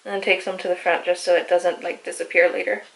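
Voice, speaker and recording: Young woman, beauty vlogger; bright, chatty, self-deprecating, casual tutorial read. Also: lowish voice, flat delivery, quick pace, gravelly. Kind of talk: casual makeup tutorial voice-over.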